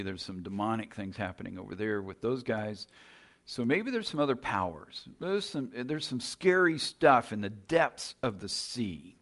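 A man preaches with a low, fairly bright voice, retelling a scripture story as if in conversation. He keeps asking rhetorical questions and often restarts.

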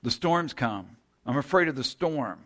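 A man at mid pitch giving a sermon. He retells the story casually, often restarting his sentences and posing rhetorical questions to the listeners. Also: lively intonation, unhurried, a bit bright. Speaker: preacher.

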